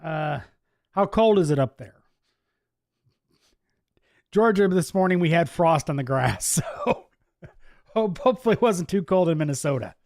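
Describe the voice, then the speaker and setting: A man's voice: on the high side, expressive, unhurried, creaky, long pauses, a little mellow, no echo, studio quality. A man with a mixed Midwest and Southern US accent hosts a casual live chat, reading viewer comments in a chatty, laid-back way and laughing often. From US Midwest, Wisconsin. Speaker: livestream host. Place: home office.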